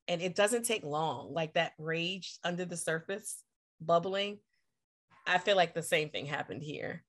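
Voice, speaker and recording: A woman co-hosting a casual chat, animated and acting out quotes in lively voices. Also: fairly low pitch, measured pace. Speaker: podcast co-host.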